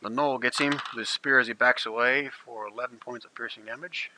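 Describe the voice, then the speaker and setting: A man's voice: medium pitch, fairly even intonation, a little fast, bright, forceful tone, rough recording. A man running a tabletop game as game master, narrating fights with vivid, gleeful detail.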